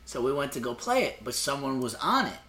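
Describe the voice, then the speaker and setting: A man's voice: medium pitch, brisk, reverberant. A man on a casual podcast telling a story and acting out the quotes with energy. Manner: animated storyteller, acts out quotes. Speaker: podcast host.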